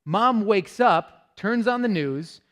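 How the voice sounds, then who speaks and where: Veteran guest speaker, male, fairly high voice, lively storyteller who laughs at himself. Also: takes it slowly. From Minnesota. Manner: animated, self-deprecating, laughs while telling. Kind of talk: humorous storytelling talk.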